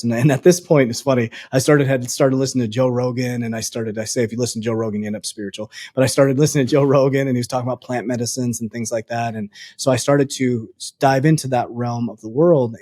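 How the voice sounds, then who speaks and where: A man's voice: mid-range voice, no echo, studio quality. A man, a coach and podcast guest, telling his life story in a casual interview and acting out the lines of people he quotes. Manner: animated storyteller, acts out quoted dialogue. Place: lives in Arizona.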